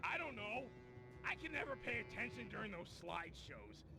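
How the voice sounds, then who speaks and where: An actor playing a big, excitable male hippo brawler who gets loudly enthusiastic. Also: high voice, moderate pace, creaky, faint music behind, heavily acted, low-quality recording. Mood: excited.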